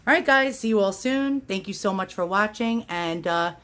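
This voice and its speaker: An animated, somewhat bright mid-range voice belongs to a woman hosting a YouTube channel, speaking at normal speed during a casual home how-to filmed on a handheld phone. She is chatty and self-deprecating with plenty of fillers, and sometimes short of breath.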